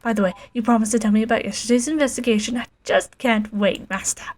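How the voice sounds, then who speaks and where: A woman's voice: on the high side, fairly even intonation, fast, slight background noise, natural voice. A woman voicing a sly, teasing old female demon servant in a game.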